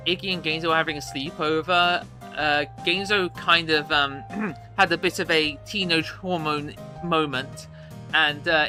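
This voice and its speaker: A man's voice: a little high, bright, forceful tone. A man streaming, reading a story game aloud and chatting between passages, with stammering restarts and chuckling asides.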